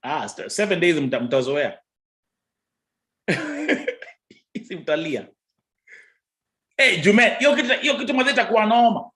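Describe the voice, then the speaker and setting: A man's voice: high voice, big pitch swings, measured pace, pauses often, pushed and bright. Kenyan guy running a live stream, playful teasing banter, voice bouncing all over. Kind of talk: casual live-stream chat with viewers.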